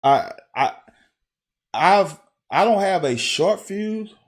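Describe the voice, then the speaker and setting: This football analyst is a young man who used to play, and he speaks in a high pitch. Reviewing game film casually, he spins lively, foul-mouthed anecdotes broken up by quick bursts of laughter.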